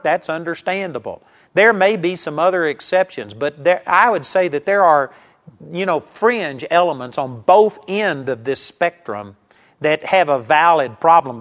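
A man's voice: on the high side, fairly bright tone. Emphatic male preacher, muffled sound. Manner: emphatic, repetitive preaching cadence. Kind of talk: radio sermon.

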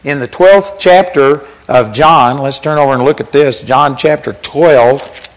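A man's voice: medium pitch, measured pace, rough recording. A man preaching a sermon in a conversational teaching manner, reading scripture aloud as he goes.

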